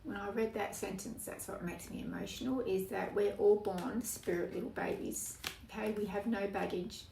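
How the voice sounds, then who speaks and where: A woman giving a spoken tarot reading in an earnest, emotional way, with slow emphatic phrasing. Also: mid-range voice, steady tone, creaky, warm tone. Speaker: tarot reader. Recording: echoey room, voice from off-mic, background noise.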